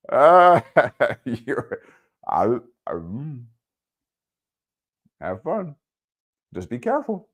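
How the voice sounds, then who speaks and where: A man's voice: medium pitch, wildly swooping pitch, extremely slow, long pauses. A man hosting a casual livestream, chatting laid-back and informally with viewers, answering their comments and using plenty of fillers. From Wisconsin. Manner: informal speech with frequent fillers. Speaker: livestream host.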